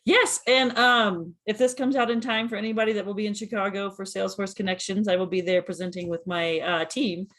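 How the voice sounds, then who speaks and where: A woman's voice: medium pitch, fairly even intonation, fairly bright tone. A woman in her forties, a podcast guest, chatting in a friendly way and laughing easily. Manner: friendly, quick to laugh, says yep a lot. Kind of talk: casual chat.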